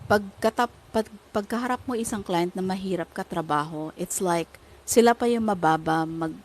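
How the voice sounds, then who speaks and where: A woman with a Filipino accent, hosting a podcast in lively, casual chat that mixes Filipino and English. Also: fairly low pitch, fairly quick. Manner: animated, code-switching between Filipino and English. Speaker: podcast host.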